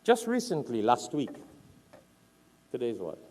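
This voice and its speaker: An Islamic preacher from Trinidad, speaking at medium pitch and an unhurried pace, shares stories during his sermon. He tells them with animation and stresses ideas through forceful repetition.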